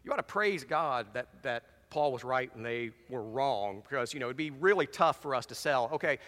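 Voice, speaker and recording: A man preaching a sermon as pastor, animated, telling jokes and reading scripture with dramatic emphasis. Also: mid-range voice, moderate pace. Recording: long reverb of a large hall.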